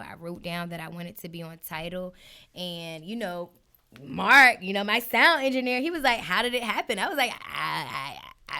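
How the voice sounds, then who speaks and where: A woman's voice: medium pitch, clear, resonant tone. A woman hosting her podcast, ranting casually and animatedly to her listeners. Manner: animated, talks straight to listeners with many asides. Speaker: podcast host. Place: home setup with listeners joining a live stream.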